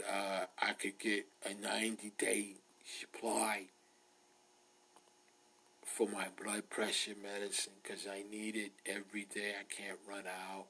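A man putting on the voice of a frail old man calling a pharmacy, soft and whispery, slowly pleading and polite. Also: fairly low pitch, vocal fry, slightly rough, full character voice, low-quality recording.

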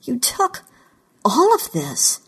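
A woman narrator voicing an angry young woman who accuses her captor in shrill, rising bursts. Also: big pitch swings, brisk, a little mellow, breathy edge. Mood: furious. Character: furious young woman seeking revenge.

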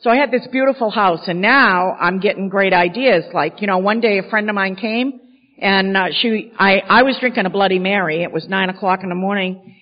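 A woman's voice: mid-range voice, fairly quick. A woman from Maine candidly telling a self-mocking personal story at a podium in a large hall. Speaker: speaker sharing recovery story. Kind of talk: storytelling talk at a recovery gathering. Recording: dull sound in a big hall with long echo.

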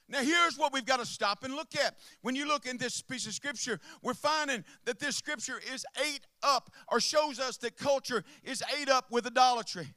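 A man preaching a sermon to a congregation, swinging from hushed asides to impassioned shouts and calling out to listeners by name. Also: extremely high pitch, moderate pace, hardly any pauses, no room sound. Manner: calls out to the congregation.

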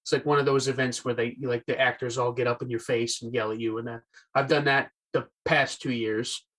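A man's voice: mid-range voice, little pitch movement, brisk, a bit bright, low-quality recording. A young man chatting casually as a podcast guest over a video call, rambling with lots of fillers and a self-deprecating humor. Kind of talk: casual chat.

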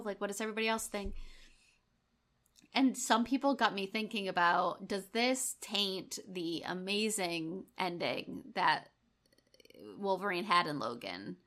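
A woman co-hosting a casual podcast chat, upbeat with quick short replies. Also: lowish voice, pushed and bright. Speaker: podcast co-host.

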